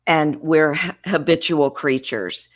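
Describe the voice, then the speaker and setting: A woman's voice: low-pitched, slow. A woman voice coach in an interview, talking expressively about how voices work and showing vocal variety as she explains. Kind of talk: interview conversation.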